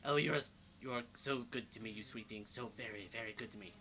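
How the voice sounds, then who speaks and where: A man's voice: on the low side, fast talker, bright, forceful tone, slight background noise, pitched below the performer's own voice. A man voicing a gushing, scheming young lady of a rich household. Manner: gushing, syrupy.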